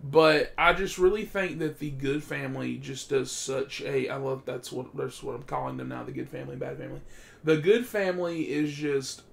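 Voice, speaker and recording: Gravelly, profane casual movie reviewer man. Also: medium pitch, moderate pace. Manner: animated, profane, loud bursts of excitement.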